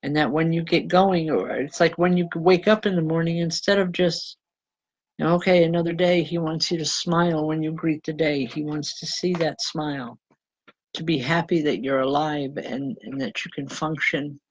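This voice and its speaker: Her voice sits low, husky, with fairly even intonation at normal speed, and the audio is poor. She's a reverend giving live spiritual readings, chatty and informal, addressing viewers as hon and babe. Ums, restarts, and self-corrections come often, as do laughs and apologies to the audience.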